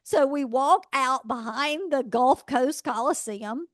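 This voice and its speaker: A woman co-hosting a podcast in casual chat, an animated storyteller who laughs often. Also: sits high, takes it slowly, no room sound, studio quality. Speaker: podcast co-host.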